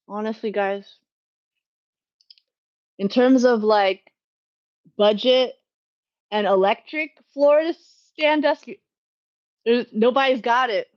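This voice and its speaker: Heard through lo-fi sound, a woman with a slightly high voice hosts a casual live Q&A from home. She's chatty and rambling, often laughing and self-correcting as she talks to her chat.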